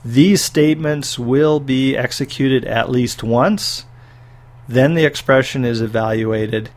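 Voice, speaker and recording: A man's voice: mid-range voice, takes it slowly. A man giving a recorded university programming lecture, explaining step by step and often checking in with "okay". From United States.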